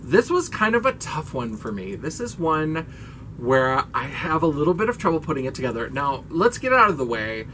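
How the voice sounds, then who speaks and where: Man, casual beauty vlog chat, expressive, forceful bright tone, somewhat high-pitched. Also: moderate pace, slight background noise. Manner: chatty and expressive; casual swearing. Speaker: beauty YouTuber.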